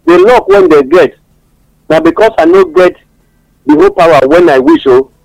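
A man's voice: high voice, wildly swooping pitch, moderate pace, creaky, a little mellow, rough recording. A man with a Nigerian accent giving passionate radio talk-show commentary, mixing English with Pidgin and telling stories. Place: radio studio.

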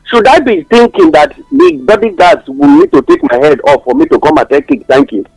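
A man's voice: very high voice, very animated, brisk, creaky, a little mellow, no echo, poor audio. A man with a Nigerian accent giving passionate radio talk-show commentary, mixing English with Pidgin and telling stories. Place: radio studio.

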